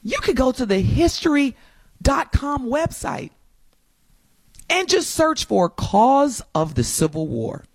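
Brief: woman co-host, high-pitched, swooping delivery, dry close mic. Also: takes it slowly, dry recording. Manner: animated, laughing, exclamatory. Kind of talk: casual commentary chat.

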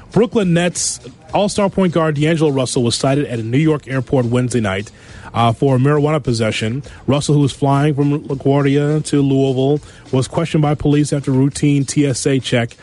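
A man hosting a sports radio show, reading news items and adding quick wisecracks. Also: a little high, darkish tone. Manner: wisecracking, quick asides after each story.

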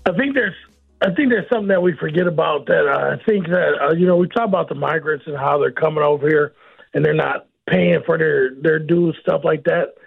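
A man calling in to a radio show who speaks hesitantly, with frequent pauses and uhs, over a phone line. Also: a little high, creaky, slightly rough, faint music behind. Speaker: radio caller. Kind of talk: call-in conversation.

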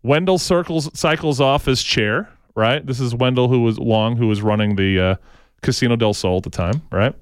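Smooth-voiced man telling rambling stories. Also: mid-range voice, normal speed, no echo. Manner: tags sentences with "right?", frequent restarts; slips into impressions of people he quotes. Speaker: talk show co-host. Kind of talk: rambling opinionated storytelling.

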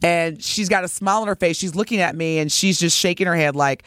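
A middle-aged woman co-hosting a podcast, telling a story in a casual, expressive way and speaking straight to her listeners. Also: lowish voice, a little fast, no echo, clean studio sound. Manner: animated, expressive storyteller addressing listeners directly. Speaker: podcast co-host.

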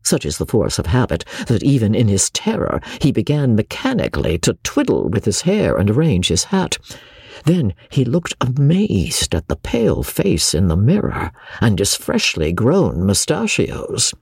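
A man narrating a classic novel as an audiobook, reading in an expressive storyteller's manner. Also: fairly low pitch, normal speed, gravelly, slightly rough, no echo, clean studio sound.

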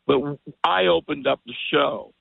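An older man with a deeply gravelly, husky voice tells a winding story as a radio guest. He keeps slipping into the voices of the people in it. The sound is dry and thin, coming down a phone line. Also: a little slow, no room sound. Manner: rambling, animated storyteller who acts out quotes. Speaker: guest musician. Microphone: telephone.

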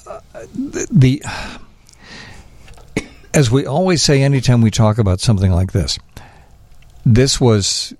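A man with a low voice co-hosting a radio talk show, recorded dry and close. He chats easily, nudges the story along and plugs the call-in number. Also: dry recording. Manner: relaxed, prompting co-host, gives station plugs. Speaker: radio co-host. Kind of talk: casual radio chat.

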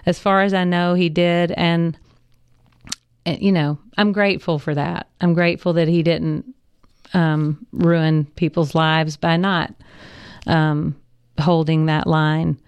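A woman, a pastor, talking in a radio studio interview. Her voice is low-pitched for a woman and very smooth, close and dry. She weighs her words with frequent ums. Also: level tone, slow, a little mellow, no echo. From American South. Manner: thoughtful, hedging with ums, laughs easily. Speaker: pastor and guest.

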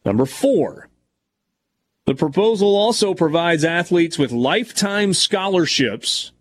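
This is a man hosting a sports talk show, and his pitch sits a touch above the usual for a man. He reads news items aloud and breaks off for casual asides. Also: expressive, measured pace. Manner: reads article passages aloud, then comments casually. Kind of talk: reading news and discussing on air.

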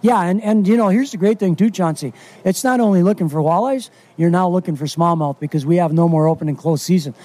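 A man's voice: high-pitched, fast talker, dark tone. A middle-aged man from Wisconsin, a fishing guide talking in a casual radio interview, folksy and enthusiastic with lots of fillers.

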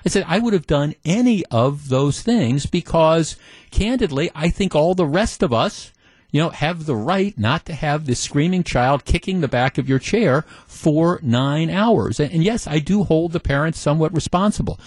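A man's voice: a little high, normal speed, no room sound. Middle-aged radio host guy telling a story, voice swoops all over, dry close studio sound. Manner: animated storytelling, mock-exasperated. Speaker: radio talk show host. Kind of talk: talk radio monologue. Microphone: studio microphone.

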